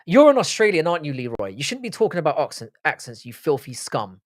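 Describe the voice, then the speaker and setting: A man's voice: on the high side, sing-song, quick pace, no room sound, studio quality. A man hosting a live stream, chatting casually, reading chat comments aloud and answering with swearing banter. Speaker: livestream host.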